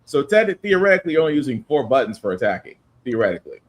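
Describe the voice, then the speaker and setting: A man's voice: medium pitch, big pitch swings, quick pace. A man hosting a casual podcast chat, leading the talk and handing topics to his co-hosts. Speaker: podcast host.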